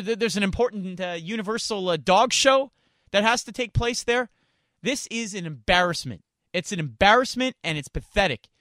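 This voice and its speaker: The sports radio host's voice sits high and fairly bright as he rants indignantly, repeating himself and stumbling over words. It's a heated segment recorded dry on a studio microphone, at studio quality.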